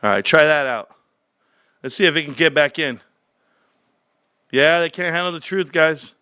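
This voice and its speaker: A man hosting a livestream, ranting brashly and cursing, swinging from low muttering to shouting excitement. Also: moderate pace, clear, resonant tone, no room sound, clean studio sound. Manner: profane, brash. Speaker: livestream host. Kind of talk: casual livestream rant.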